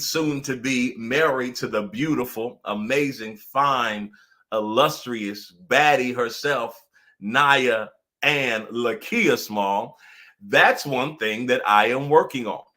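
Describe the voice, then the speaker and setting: A young man coaching viewers on a live stream, energetic and chatty, laughing often and acting out little dialogues. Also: medium pitch. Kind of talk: motivational live-stream talk.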